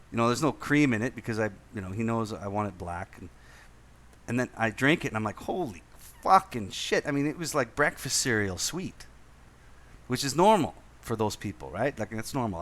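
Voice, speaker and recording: A man's voice: medium pitch, a bit bright. A man hosting a casual podcast chat, telling a profane anecdote with lots of repeated words and laughter. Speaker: podcast host. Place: lived in Indonesia.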